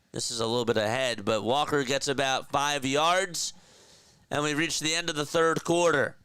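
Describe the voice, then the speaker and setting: A man calling football play-by-play in a relaxed, chatty way, talking to his viewers between snaps. His voice is smooth and resonant at an average pitch, and the sound is dry and close, with no room behind it. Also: dry recording. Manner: casual, chats with viewers between plays. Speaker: play-by-play streamer. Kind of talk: live play-by-play commentary.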